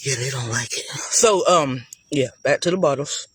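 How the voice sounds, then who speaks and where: A man's voice: medium pitch, normal speed, a bit bright, slightly rough, no room sound. A man giving a casual, chatty walk-through of his garden for viewers, talking loosely and calling them y'all. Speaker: gardening vlogger. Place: outdoor garden.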